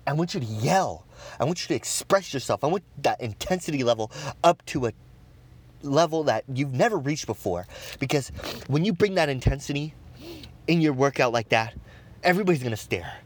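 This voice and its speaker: A man delivering an intense, profanity-heavy motivational rant, swearing constantly and breaking into shouted bursts. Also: medium pitch, slightly rough. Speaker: motivational speaker.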